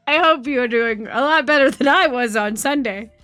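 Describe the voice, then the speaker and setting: A woman's voice: high voice, a bit bright, no room sound. A woman streamer telling a story in casual chat, swearing often and laughing as she goes.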